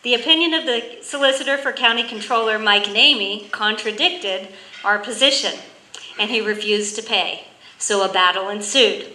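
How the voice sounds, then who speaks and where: A woman's voice: on the high side, pushed and bright, roomy sound, slight background noise, low-quality recording. Woman reading a formal tribute. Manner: measured, formal, read from notes. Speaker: county commissioner giving a tribute. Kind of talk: prepared tribute speech.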